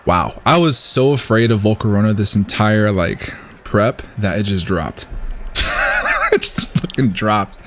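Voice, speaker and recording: A man's voice: fairly low pitch, a little slow, slight background noise. A man casually commentating his own competitive match, thinking aloud and cheering his plays. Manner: excitable, thinks aloud, talks to the opponent.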